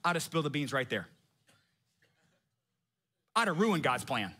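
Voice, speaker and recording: A man preaching as pastor, energetic and conversational, joking with slang. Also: fairly high pitch, measured pace, breathy edge. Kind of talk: sermon.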